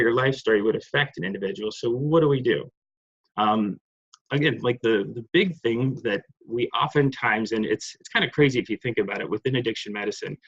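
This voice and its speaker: A man giving an online clinical lecture over slides, rambling with many fillers, restarts and apologies. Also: a bit bright. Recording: muffled, low-fidelity online session audio.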